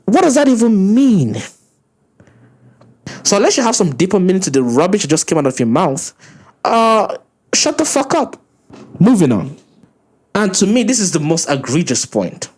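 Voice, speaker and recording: A man ranting through a reaction commentary, incredulous and profane, his voice swinging up high when he gets worked up. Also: sing-song, normal speed, pauses often, a little mellow. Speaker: commentary channel host.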